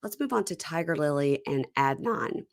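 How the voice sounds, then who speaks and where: A woman with a Southern American accent hosts a podcast, chatting casually and playfully and doing mocking impressions. Her low voice is expressive and moderately paced, captured in clean studio sound with no room echo.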